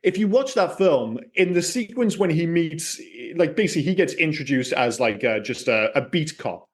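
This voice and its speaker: A man co-hosting a casual film podcast, talking in an animated, rambling way and swearing freely. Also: a little high, moderate pace. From Scotland. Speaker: podcast co-host.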